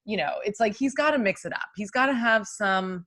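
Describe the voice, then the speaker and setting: A woman co-hosting a podcast in casual chat, emphatic and quick to repeat herself. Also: medium pitch, fairly bright tone. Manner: emphatic, laughs often, repeats words. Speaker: podcast co-host.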